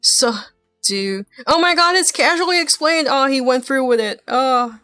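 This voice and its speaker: A woman streamer who is not a native English speaker chats casually, musing in soft trailing asides. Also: high voice, a little slow, clear, resonant tone, dry recording, faint music behind. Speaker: streamer reacting to videos. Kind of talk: casual chat.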